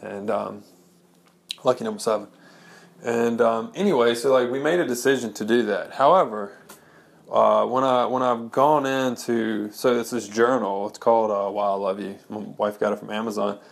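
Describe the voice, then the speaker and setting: Thirties male blogger with a gravelly edge, loose and rambling, easygoing personal chat. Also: lowish voice, steady tone, moderate pace. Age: 30s. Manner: rambling, many fillers and restarts. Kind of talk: casual personal monologue.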